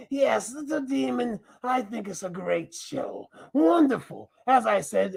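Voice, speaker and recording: A man's voice: extremely high pitch, gravelly, a bit bright, breathy edge, full character voice. A man voicing a mischievous male mask persona who has taken over a review show, talking theatrically and giggling between lines.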